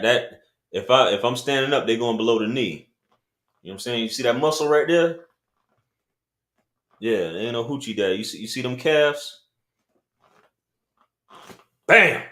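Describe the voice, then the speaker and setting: A man's voice: medium pitch, animated, moderate pace, pauses often, fairly bright tone. A man hosting a casual livestream, joking and bantering with viewers in loose, slangy talk. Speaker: livestream host.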